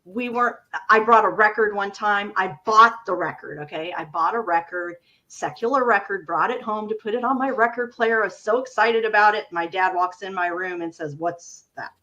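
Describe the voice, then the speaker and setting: Woman in her 50s, bright voice, dull recording, co-host, lively anecdotes, searches for words. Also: mid-range voice, moderate pace, few pauses. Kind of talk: casual chat.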